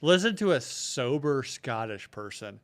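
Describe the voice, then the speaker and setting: An American man riffs and swears his way through a casual podcast chat. His voice is smooth and clear, sitting in an ordinary middle pitch, and he tosses in quick put-on voices for the bits. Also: big pitch swings. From United States. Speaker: podcast co-host.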